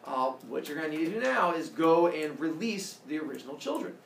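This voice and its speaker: A man voicing a calm, matter-of-fact mother earth goddess while telling a myth to a class. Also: on the high side, fairly quick, creaky, slight background noise. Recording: echoey classroom, camera far off.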